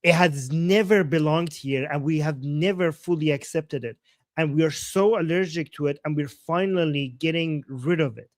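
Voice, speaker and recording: A man's voice: on the high side, moderate pace, dry recording, clean studio sound. A man from Iran, a livestream guest, speaking emphatically and repeating his key points. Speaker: guest, channel owner. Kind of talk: livestream conversation.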